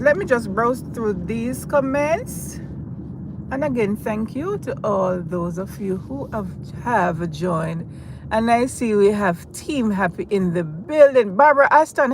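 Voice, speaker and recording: A woman's voice: fairly high pitch, lively intonation, measured pace. A woman with a Jamaican accent hosting a casual live stream from her car, talking straight to her viewers. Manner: chatty, addresses viewers directly. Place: in a car while driving. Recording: car and road noise.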